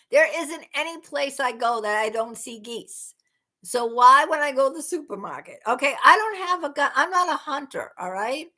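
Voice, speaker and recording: A woman hosts a loose livestream chat, talking to her viewers in a rambling way. Her voice sits a little high and bright and swings widely in pitch. She breaks into indignant, disbelieving exclamations. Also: lively intonation, moderate pace. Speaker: livestream host. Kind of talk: casual live chat.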